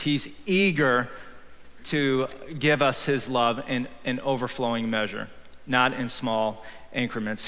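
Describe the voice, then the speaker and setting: Male pastor preaching live, chatty and jokey, with a tense, bright tone in an echoing sanctuary. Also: fairly high pitch. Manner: humorous, conversational preaching with bursts of shouting. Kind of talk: sermon. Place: church sanctuary. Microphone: handheld or headset microphone. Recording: live hall reverb.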